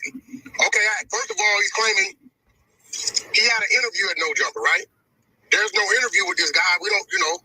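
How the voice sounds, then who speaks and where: A man's voice: high voice, big pitch swings, fairly quick, long pauses, bright, forceful tone, breathy edge, low-quality recording. A man in a casual phone conversation, arguing his side in a dismissive, profane way.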